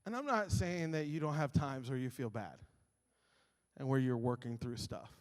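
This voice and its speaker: A man's voice: mid-range voice, moderate pace, big-room sound. A male pastor preaching a sermon, telling stories animatedly and acting out his own grumbling.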